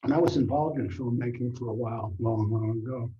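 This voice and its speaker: A man's voice: mid-range voice, brisk, mellow. An older man in frank, unguarded casual conversation, speaking plainly and sometimes swearing for emphasis. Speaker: guest. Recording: dull lo-fi sound.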